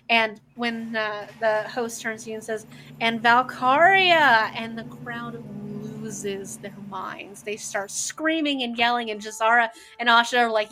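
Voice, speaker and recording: A woman narrating as game master of a tabletop role-playing game, animated, with loose fillers and frequent laughter. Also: on the high side.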